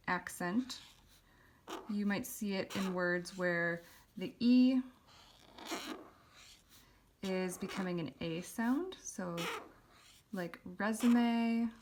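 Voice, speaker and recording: A woman's voice: medium pitch, background noise. A woman teaching a lettering lesson, explaining step by step in a patient way, with the odd filler. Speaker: calligraphy teacher.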